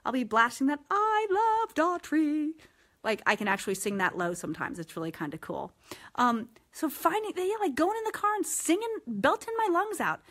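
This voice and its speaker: Brash, frank woman host, slightly high. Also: brisk. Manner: frank and profane, animated. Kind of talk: casual live-stream chat.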